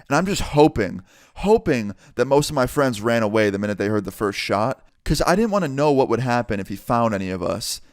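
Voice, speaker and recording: A young man telling a storytime tale in a casual, animated way, acting out the quoted lines and swearing freely. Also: mid-range voice, brisk, no room sound, clean studio sound.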